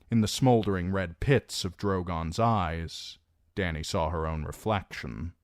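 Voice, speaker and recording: Male narrator for a fantasy audiobook: deep, unhurried, dramatic delivery, dry close sound. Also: no echo. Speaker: audiobook reader.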